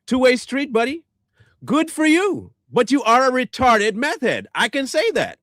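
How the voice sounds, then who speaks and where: Man, online commentator, high voice, sarcastic insult-laden rant, dry sound. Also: sing-song, a little slow, a bit bright, no echo. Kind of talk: ranting reply to viewer comments.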